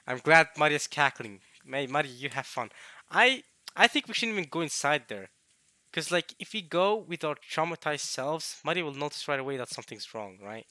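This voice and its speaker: Young male let's play host: worn-out, strained voice with a sharp bright edge, halting casual delivery. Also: a little high, lively intonation, no echo. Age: young adult. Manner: rambling, halting, with coughs and throat-clearing. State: tired, strained voice. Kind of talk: casual late-night let's play commentary.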